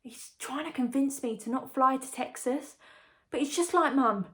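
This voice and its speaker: A woman's voice: high voice, moderate pace, fairly bright tone. A young woman performs a dramatic monologue as a chatty, confiding young woman engaged to a condemned prisoner. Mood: breezy. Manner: confiding, gossipy, breezy. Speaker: lead character in a monologue.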